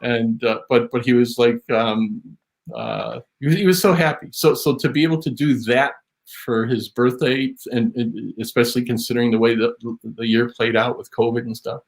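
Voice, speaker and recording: A man, a drum memorabilia historian, telling an anecdote as an interview guest in an animated way. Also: mid-range voice, moderate pace, gravelly. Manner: animated storytelling, voice rises on quotes.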